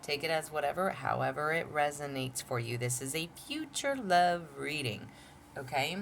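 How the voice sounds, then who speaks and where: Low-voiced lady doing a chatty tarot reading at home, laughs a lot, bit of hiss behind. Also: expressive, moderate pace, vocal fry. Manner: chatty, laughs often, says y'all. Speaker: tarot reader, channel host.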